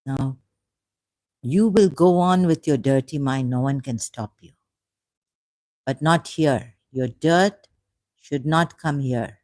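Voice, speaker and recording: A woman hosting a live stream, slowly and indignantly scolding commenters in the chat. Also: rumbling low, warm tone. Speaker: channel host answering live chat.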